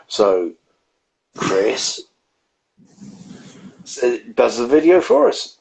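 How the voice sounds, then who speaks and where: On a laid-back beer review stream, a male co-host rambles and swears plenty. His rough, gravelly voice, a little mellow, rises and falls widely in pitch; he is very animated but very slow, pausing often, and the recording quality is low.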